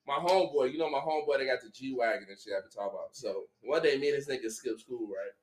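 A man hosting a podcast, telling stories in a loud, animated, laughing way. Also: medium pitch, quick pace. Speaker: podcast host. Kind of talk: casual chat, storytelling. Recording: echoey room.

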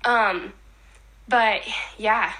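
A woman's voice: mid-range voice, very slow, pushed and bright. A young woman co-hosting a casual faith podcast, eagerly retelling a show episode with lots of fillers. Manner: enthusiastic, retells scenes with many fillers. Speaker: podcast co-host.

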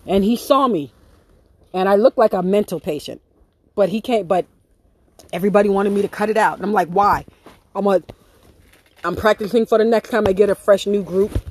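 A woman hosting a podcast, telling a story in a blunt, profane, animated way with acted-out quotes. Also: medium pitch, brisk, long pauses. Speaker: podcast host. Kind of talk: casual storytelling monologue.

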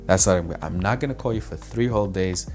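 A man from Zambia earnestly telling a personal story in a halting, heartfelt way. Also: low-pitched, darkish tone, soft background music. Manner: earnest, halting storyteller who acts out quoted voices. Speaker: guest sharing a personal testimony.

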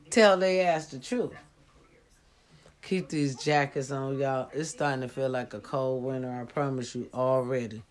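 A woman who is sick, lying down and talking bluntly to her viewers, swearing freely and giving life advice. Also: lowish voice. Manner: blunt, preachy, swears freely, says y'all often. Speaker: vlogger. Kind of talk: casual talk to viewers.

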